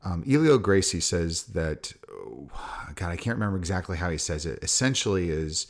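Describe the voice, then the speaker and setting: Deep-voiced man speaking earnestly. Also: big pitch swings, moderate pace, vocal fry. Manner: earnest, reflective. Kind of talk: casual chat.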